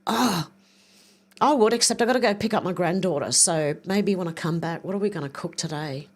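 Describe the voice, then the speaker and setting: An older woman chats on her livestream in a loose, rambling way. She reads viewer comments aloud and thinks out loud while she clicks around. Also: fairly low pitch, fairly quick. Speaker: livestream host. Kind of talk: casual livestream chat reading viewer comments.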